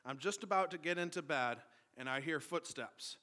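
Bright-voiced pastor telling a story. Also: male voice, a little high, normal speed. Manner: conversational storytelling with many fillers and restarts. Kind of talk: sermon with personal story.

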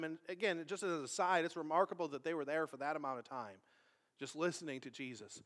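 A man's voice: a little high, fairly bright tone. A man preaching a conversational sermon, often restarting his phrases as he explains a passage. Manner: conversational, halting with repeated restarts.

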